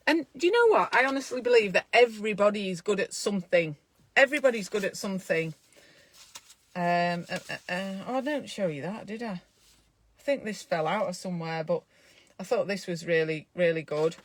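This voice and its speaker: A woman's voice: medium pitch, lively intonation, moderate pace, a bit bright. A woman who is a midwife, talking casually to camera in a self-care vlog, chatty and encouraging as she thinks aloud from a small room at home.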